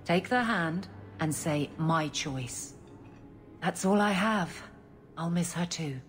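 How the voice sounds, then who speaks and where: An actress voicing a grieving woman guard captain who speaks in a quiet, restrained, plainspoken way. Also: on the low side, expressive, slow pace. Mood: tender.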